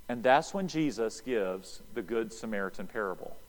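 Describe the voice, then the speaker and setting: A man's voice: medium pitch, normal speed, big-room sound, low-quality recording. An American man preaching a sermon, acting out the voices in a Bible story as he explains it. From United States. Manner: animated preaching, acts out dialogue. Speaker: pastor.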